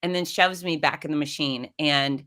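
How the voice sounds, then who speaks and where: Lively middle-aged woman telling a story. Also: low-pitched, moderate pace. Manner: animated, acts out quoted voices. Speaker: podcast guest. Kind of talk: conversational storytelling.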